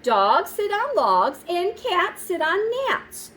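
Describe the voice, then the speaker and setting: Woman reading as a loud bossy storybook frog. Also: very high-pitched, huge pitch swings, slight background noise, voice pushed up, heavily acted. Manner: loud, slow, emphatic rhyming lines. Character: bossy frog changing the rules, male.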